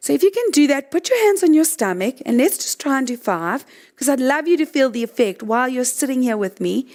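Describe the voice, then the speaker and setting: A middle-aged woman leading a guided breathing talk, gently walking listeners through exercises. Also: high-pitched, animated, brisk. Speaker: breathing coach.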